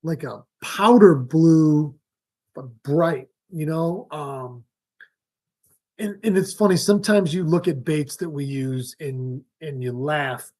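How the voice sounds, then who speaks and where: A man's voice: a little high, takes it slowly. A middle-aged man hosting a fishing live stream, chatting casually and telling rambling stories with fillers. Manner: relaxed rambling storyteller with frequent fillers and laughs. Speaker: fishing show host.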